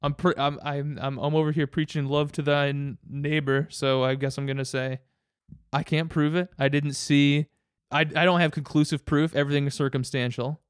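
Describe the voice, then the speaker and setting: A man's voice: on the high side, flat delivery, normal speed, smooth, no room sound, clean studio sound. A man telling a rambling story in casual chat, with many restarts and frequent laughs.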